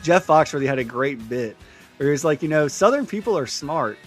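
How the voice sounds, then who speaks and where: Brief: male sports cohost, slightly higher voice, easygoing casual talk, soft music in the background. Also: animated, brisk.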